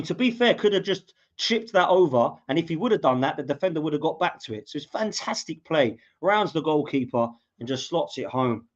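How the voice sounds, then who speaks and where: An English man hosts a live watchalong and talks through the match as it happens, his voice a touch high. He erupts into shouts when the team scores. The sound is muffled and lo-fi. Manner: excitable, shouts at goals, reads out viewer comments. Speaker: podcast host doing a live watchalong. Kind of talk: live match commentary and fan reaction. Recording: dull lo-fi mic.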